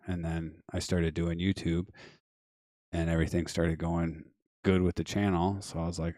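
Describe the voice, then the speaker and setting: Man, very low voice, hoarse, rambling offhand chat, dry close sound. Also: little pitch movement, moderate pace, a little mellow, no echo. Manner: rambling, offhand, many fillers and trailing asides. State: losing his voice. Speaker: live-stream call-in show host. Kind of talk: casual live-stream chat, reading viewer comments.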